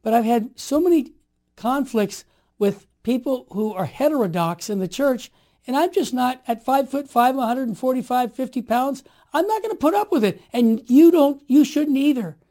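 A man in his sixties with a high yet mellow voice tells stories in a conversation. He talks emphatically and with animation, and sometimes builds to forceful outbursts. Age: 60s. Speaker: interview guest. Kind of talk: storytelling conversation.

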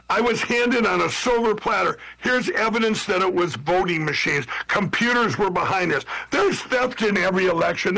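A man's voice: sits high, fairly bright tone, poor audio. A man from Minnesota talking as a political candidate in an interview, rambling with frequent restarts and often calling out to everybody listening. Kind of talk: interview talk.

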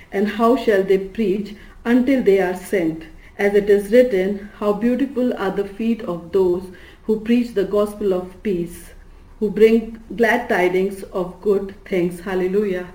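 A woman leading a fervent spoken prayer for a radio ministry, repeating "Father God" between phrases and reading scripture aloud. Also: fairly high pitch. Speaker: prayer leader. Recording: echoey room.

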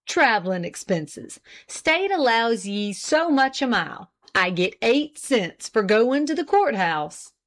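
A woman's voice: on the high side, big pitch swings, takes it slowly, few pauses, fairly bright tone, exaggerated voice. A woman voicing a self-important older country husband who boasts in a rustic dialect. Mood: lecturing.

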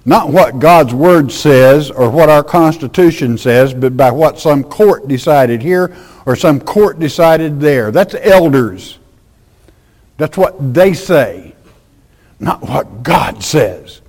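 A man preaching a folksy, emphatic sermon, swinging between loud declarations and hushed asides. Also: fairly high pitch, lively intonation, slow pace.

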